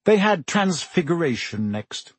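A man's voice: on the high side, unhurried, breathy edge, no echo. A man reading a children's novel aloud as an audiobook narrator, telling the story steadily. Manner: steady storytelling with character voices. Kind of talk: scripted narration.

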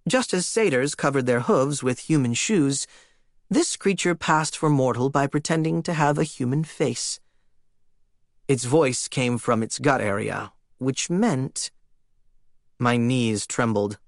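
A man's voice: mid-range voice, unhurried, dry recording, clean studio sound. A man narrating an audiobook in the first person with a wry, theatrical delivery.

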